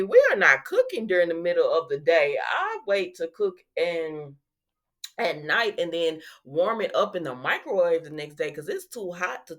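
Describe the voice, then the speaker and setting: A woman who recaps soap opera episodes in a casual, chatty way, acting out the dialogue and laughing often. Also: on the low side. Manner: animated, acts out the quotes, laughs often.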